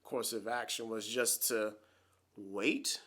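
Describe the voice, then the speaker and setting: A man's voice: lowish voice, fairly even intonation, slow pace, sharp tone, husky. A man co-hosting a podcast in casual chat, adding context to his partner's story and correcting her. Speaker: podcast co-host. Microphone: USB condenser mic.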